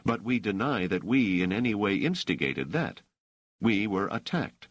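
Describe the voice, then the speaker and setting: A man with a lowish, very animated voice speaks at normal speed, voicing an indignant male scholar who answers accusations under questioning in a firm, hot, grim and defiant way. The recording is dry, with the highs cut off and the voice pushed up.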